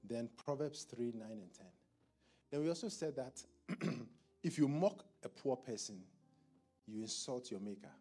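Husky male pastor with a lively voice. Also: medium pitch, measured pace, soft background music. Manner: conversational preaching, quizzes the congregation, clears his throat. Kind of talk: sermon. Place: church service.

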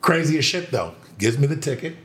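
Man, casual storyteller, higher voice, echoey room, swears a lot. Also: a little fast, over a noisy crowd. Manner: animated storyteller, acts out voices, swears freely. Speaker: podcast guest telling stories. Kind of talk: casual chat.

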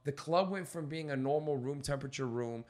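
A young man, a stand-up comic, telling a story in casual chat with lots of swearing, acting out the people in it with shouts. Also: a little high, a little fast. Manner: animated, swearing, acts out voices with shouts. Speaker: stand-up comic and podcast host.

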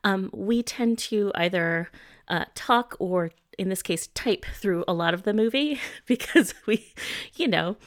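A woman's voice: medium pitch, unhurried, no echo, clean studio sound. A woman co-hosting a casual podcast chat, enthusiastic and chatty. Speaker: podcast co-host.

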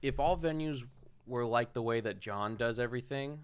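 A man who is a musician and stage manager, talking casually in a rambling, halting way with many restarts. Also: mid-range voice, clear, resonant tone. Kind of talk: casual chat.

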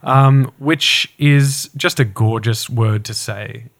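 A man's voice: mid-range voice, slow, gravelly, fairly bright tone. Swearing, laughing Australian man. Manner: laughs often, swears freely, rants. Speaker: podcast co-host. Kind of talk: casual tasting chat.

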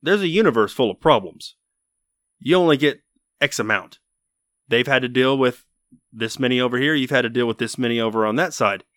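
A man's voice: mid-range voice, fairly quick, fairly bright tone, no echo, clean studio sound. A man co-hosting a podcast in casual chat, laid-back and joking, with reassuring advice. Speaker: podcast co-host.

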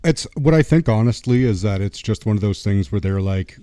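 A man's voice: on the low side, animated, fairly quick, dark tone, no echo. A man co-hosting a movie podcast, making sarcastic asides in casual chat. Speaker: podcast co-host.

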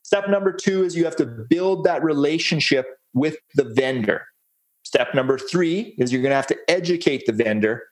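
A man's voice: on the high side, normal speed. A man presenting a real estate case study on a webinar, upbeat and folksy, walking through steps. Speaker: guest presenter.

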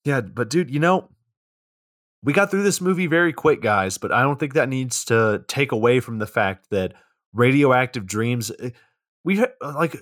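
A man's voice: mid-range voice, no room sound, clean studio sound. A man co-hosting a podcast, retelling a film plot in laid-back casual chat and swearing freely. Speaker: podcast co-host.

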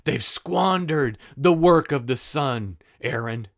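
A man preacher voicing God the Father in a grave, slow, sorrowful rebuke. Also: medium pitch, expressive, vocal fry, voice pushed down.

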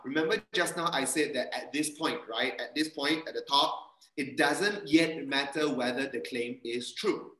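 A man's voice: medium pitch, sharp tone, reverberant, poor audio. A male pastor, giving an interactive sermon and quizzing his congregation. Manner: asks the congregation questions and reads their answers aloud. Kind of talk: interactive sermon with online quiz.

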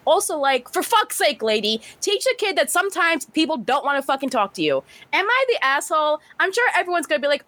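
A woman podcast host reading a story aloud and chatting, animated and swearing casually. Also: high voice, fairly quick, hardly any pauses, no echo.

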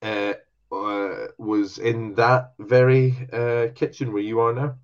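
A man's voice: lowish voice, fairly even intonation, slow. Male comedian co-host, sweary mock-indignant banter over a slightly muffled video call. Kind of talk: casual podcast banter.

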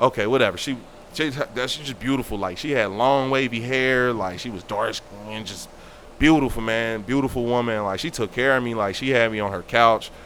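Animated man telling a story. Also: mid-range voice, normal speed, slight background noise. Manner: animated, acts out quoted voices. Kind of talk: casual storytelling.

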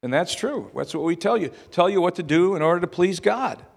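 Man, preaching a sermon, talks conversationally and asks the room questions, fairly high voice, long hall reverb. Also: lively intonation, brisk, vocal fry. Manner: conversational, repeats words, rhetorical questions.

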